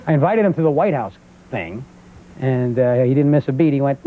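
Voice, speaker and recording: Animated New York comedian on a tinny tape. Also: male voice, medium pitch, a little fast. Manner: animated, jumping into shouty character voices. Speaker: comedian guest. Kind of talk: talk show stand-up storytelling. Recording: tinny phone-like old VHS audio with faint hiss.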